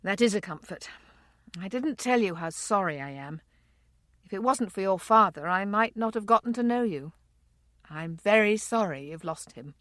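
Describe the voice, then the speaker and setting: Woman narrator voicing a calm protective husband, steady reassuring tone, audiobook, dry close sound. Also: mid-range voice, normal speed, no room sound, lightly acted. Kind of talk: audiobook character reading.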